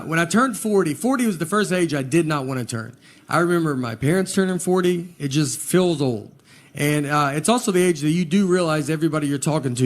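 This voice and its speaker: A man, telling stand-up stories in a drawling, deadpan way before a laughing audience. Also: on the high side, a little hiss or hum. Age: 40s. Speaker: stand-up comedian. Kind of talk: stand-up comedy set. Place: live venue with laughing audience.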